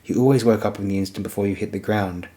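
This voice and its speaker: Low-voiced man reading an audiobook. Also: fast, mellow. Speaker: audiobook narrator. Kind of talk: audiobook narration.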